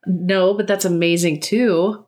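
Chatty woman telling animated stories. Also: fairly low pitch, unhurried. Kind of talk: casual chat.

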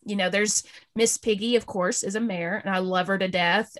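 A middle-aged woman in casual chat, telling a story with halting restarts and giggles. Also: medium pitch, level tone, a bit bright.

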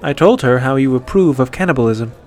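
A man's voice: medium pitch, animated, fairly quick, darkish tone, lightly acted. A man voicing a mischievous, tipsy woman warrior with slurred, sarcastic speech.

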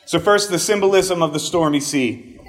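A male pastor giving a conversational sermon, chatty, with casual asides and animated emphasis. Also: fairly high pitch, normal speed.

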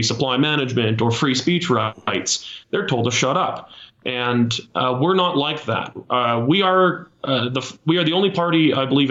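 A Canadian man leading a small political party, answering interview questions in a measured way with many fillers and restarts. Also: medium pitch, a bit bright, reverberant, muffled recording.

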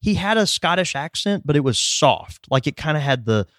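A man's voice: a little high, very animated, moderate pace, a bit bright, dry recording, clean studio sound. A man co-hosting a podcast, explaining at length in casual chat, with lots of fillers and hedges. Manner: rambling, hedging with fillers. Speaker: podcast co-host.

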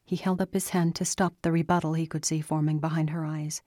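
A woman narrating a story in a steady storytelling manner. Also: sits low, fairly quick, few pauses, no room sound, studio quality. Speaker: audiobook narrator. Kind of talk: scripted narration.

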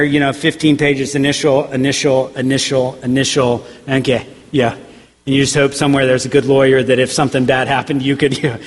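A pastor preaching in a casual, animated way, with a slightly raised pitch. He slips into quick voices to act out quotes. His voice rings with a long reverb, as in a large hall. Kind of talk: sermon.

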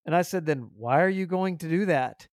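A man hosts a podcast and tells stories, acting out the lines of the people in them. His voice sits a little high, and the sound is close and dry. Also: normal speed, dry recording. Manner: animated storyteller, acts out dialogue, repeats words. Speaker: podcast host. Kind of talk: casual storytelling interview.

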